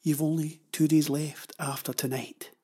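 A man's voice: on the high side, level tone, mellow, husky. Man doing a cheeky, knowing young boy. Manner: teasing, knowing, unhurried.

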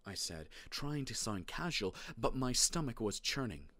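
A man narrating a children's storybook in the first person, wry and animated. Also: medium pitch, measured pace, no echo. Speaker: audiobook narrator.

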